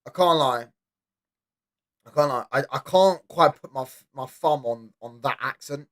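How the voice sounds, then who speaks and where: A man reacting to a football debate on a stream, slangy and excitable, stumbling over repeated words. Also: mid-range voice, normal speed. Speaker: watchalong streamer. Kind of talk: casual reaction commentary.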